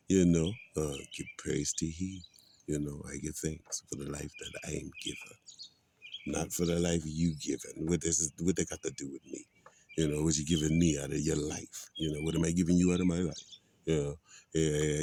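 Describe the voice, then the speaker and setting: A man's voice: rumbling low, warm tone, slight background noise. A man, filled with "you know" and quoting scripture like a street preacher. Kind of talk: casual spoken monologue.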